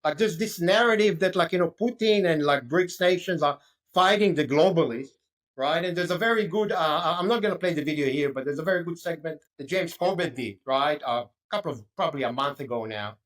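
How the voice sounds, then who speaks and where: A man talking as a guest in a relaxed podcast chat. He speaks loosely, leans on filler words, and presses his points insistently. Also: fairly high pitch, fairly quick. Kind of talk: casual conversational podcast talk.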